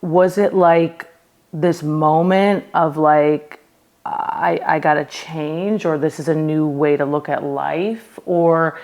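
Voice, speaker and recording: A woman's voice: low-pitched, fairly even intonation, takes it slowly, a little mellow. A woman hosting an interview, encouraging her guest and asking probing follow-up questions. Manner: encouraging and inquisitive, frequent affirmations. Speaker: podcast host. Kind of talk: casual interview chat.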